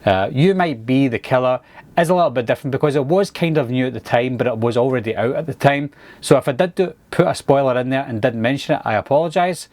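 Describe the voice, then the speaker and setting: A man with a Scottish accent, talking casually to camera as a movie reviewer, relaxed and chatty. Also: medium pitch, fast talker, dry recording. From Scotland.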